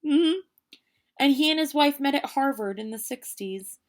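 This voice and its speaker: A woman's voice: high-pitched, moderate pace. Chatty woman in her late twenties. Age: 20s. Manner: animated, chatty storytelling with quoted voices. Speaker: vlogger. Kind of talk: casual storytelling chat.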